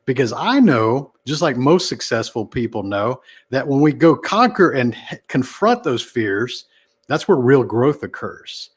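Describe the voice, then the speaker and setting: Animated man telling stories expressively. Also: a little slow, husky. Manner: animated, shifts pitch and volume for emphasis. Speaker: podcast guest, entrepreneur. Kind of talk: casual interview talk.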